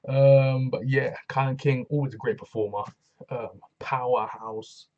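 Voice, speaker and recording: A man's voice: mid-range voice, fairly even intonation, unhurried, muffled recording. A man casually reviewing a wrestling show, laid-back and slangy, with lots of fillers.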